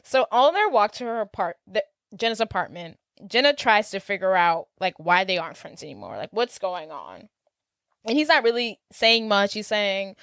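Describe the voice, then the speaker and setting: A woman's voice: mid-range voice, normal speed, dry recording. Easygoing woman podcast co-host. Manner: relaxed, chimes in with agreement and corrections. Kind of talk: casual movie recap chat.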